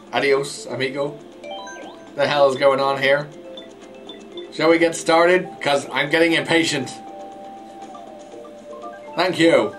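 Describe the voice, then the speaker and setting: A man's voice: fairly high pitch, fairly bright tone, poor audio. Jokey man commenting on gameplay over game music. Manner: jokey, self-mocking, stumbling over words. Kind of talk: casual let's play commentary.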